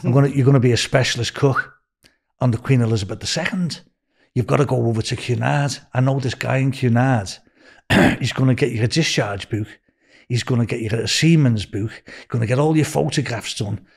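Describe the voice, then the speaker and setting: Animated older Liverpool man telling stories. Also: mid-range voice, a little fast, vocal fry, husky. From Liverpool, England. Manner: animated, swears freely, acts out voices in stories. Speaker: podcast guest. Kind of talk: storytelling interview.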